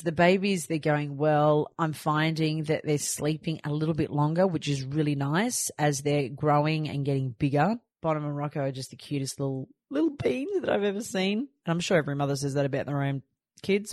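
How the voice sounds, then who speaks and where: An Australian podcast host in her thirties speaks briskly in a low, expressive, slightly mellow voice, captured dry and clean in a studio. Her chat is casual, full of stories in which she performs what she said.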